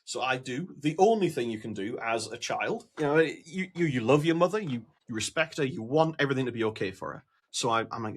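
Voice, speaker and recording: A man telling a story as a guest on a podcast, with dry, deadpan humor. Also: mid-range voice, fairly quick, hardly any pauses, breathy edge. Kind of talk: casual chat, storytelling.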